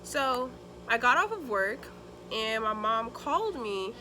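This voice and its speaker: A chatty young woman telling a storytime in a bright, forceful voice that sits a little high. She talks casually and with animation, and she acts out the people in her story. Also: big pitch swings, slow, slight background noise. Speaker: beauty vlogger. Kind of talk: casual storytime while doing makeup.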